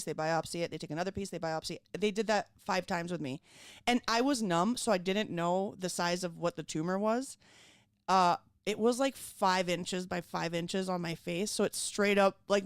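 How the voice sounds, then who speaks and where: A woman from Venezuela telling a personal story in casual chat, animated and full of fillers, acting out the people she quotes. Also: fairly low pitch, clean tone, no echo, studio quality. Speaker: guest.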